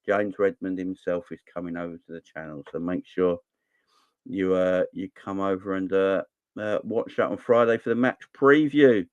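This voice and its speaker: A man's voice: low voice, steady tone, normal speed, no echo, muffled recording. A man in his forties from southern England, hosting a casual live stream and chatting back to viewer comments. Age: 40s. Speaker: fan channel host.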